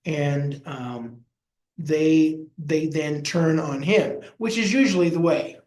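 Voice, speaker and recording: Slow-talking pastor in an echoey room. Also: male voice, a little high, a little mellow. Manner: folksy, acts out quoted voices. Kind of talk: Bible study teaching.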